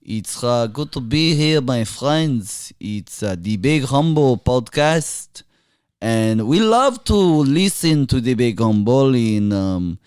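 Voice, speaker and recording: A man doing a put-on Israeli accent, voicing a grandiose man who makes slow, lofty, half-sung proclamations. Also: mid-range voice, lively intonation, a little mellow, smooth, no room sound, studio quality.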